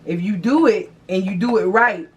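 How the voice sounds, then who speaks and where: A young adult woman hosting a vlog, talking in an animated, profane, slangy way. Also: mid-range voice, normal speed, muffled recording. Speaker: vlog host. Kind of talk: casual chat to camera. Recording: distant mic, faint background noise.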